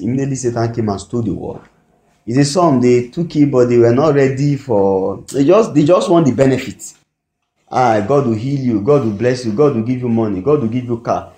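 A man with a Nigerian English accent delivers a sermon in a church hall. His voice is mellow and unhurried in tone. He keeps prompting his listeners to call out the missing words, and the room adds an echoing ring to it all. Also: mid-range voice. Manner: call-and-response, asks the congregation "what?" to fill in words. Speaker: preacher. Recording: echoey hall recording.

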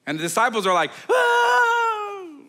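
A man, a pastor, preaching a sermon in a conversational, animated storytelling way, full of casual fillers. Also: on the high side, moderate pace. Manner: animated storytelling, acting out quoted voices; conversational, with many fillers like "like" and "okay".

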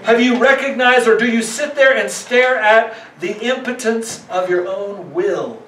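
A man's voice: extremely high pitch, measured pace, a bit bright, distant mic, a little hiss or hum. Male pastor preaching in an echoey church. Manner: conversational preaching, acts out quoted voices. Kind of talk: sermon. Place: church sanctuary.

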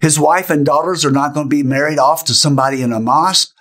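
An astonished young woman, excited and pleading, speaks in a loud stage whisper, as a man puts her on. Her voice sits high above an ordinary speaking voice. Each line comes out as a disbelieving question. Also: fast.

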